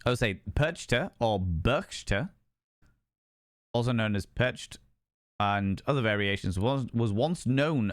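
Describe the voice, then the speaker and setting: A young man hosts a live stream in a playful, theatrical manner, greeting viewers with grand flourishes. His voice sits at an ordinary middle pitch. The sound is close and dry, with no room echo. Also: lively intonation, slow. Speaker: streamer host. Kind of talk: casual live-stream chat.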